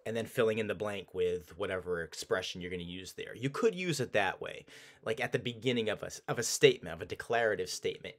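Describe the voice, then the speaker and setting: A man teaching a casual language lesson, explaining with relaxed restarts and repeating example phrases slowly. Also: lowish voice.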